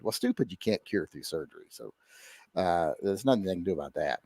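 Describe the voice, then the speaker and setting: A man hosts a casual livestream, cracking jokes and rambling through viewer messages with plenty of uhs. His pitch swings widely and lively. The sound is dry and close. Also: brisk, dry recording. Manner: joking, rambling with many fillers. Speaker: livestream host. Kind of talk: casual livestream chat reading super chats.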